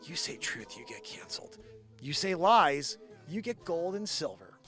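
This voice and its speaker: A man hosting a live stream, chatting and ranting in an excitable, profane way. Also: high-pitched, measured pace. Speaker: live show host. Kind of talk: live stream chat and rant. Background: faint background music.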